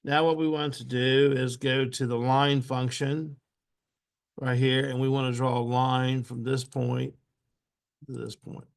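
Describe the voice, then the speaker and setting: A male instructor guides a drafting tutorial at an unhurried pace. His voice sits in an ordinary middle range. He calls out each step patiently, pausing to clear his throat often. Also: medium pitch, level tone. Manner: patient, repeats steps aloud.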